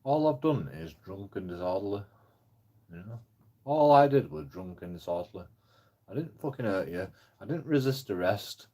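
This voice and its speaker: Male streamer, angry rambling rant, heavy swearing, husky low voice. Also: animated, moderate pace, mellow. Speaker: livestreaming auditor. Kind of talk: ranting live stream monologue.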